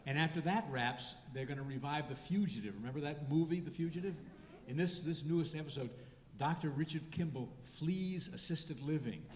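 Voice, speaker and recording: A man in his seventies, a rabbi and comedian, doing a stand-up set with dry, deadpan delivery and halting restarts. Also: on the high side. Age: 70s. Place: hall before a live audience. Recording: echoey hall, faint noise.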